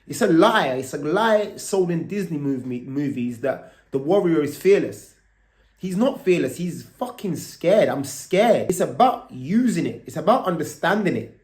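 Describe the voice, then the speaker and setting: A man's voice: on the high side, lively intonation, a little slow, darkish tone, reverberant. A man, telling a story to his vlog camera in a loose, casual way. He swears freely and keeps tagging lines with "right?". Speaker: vlogger.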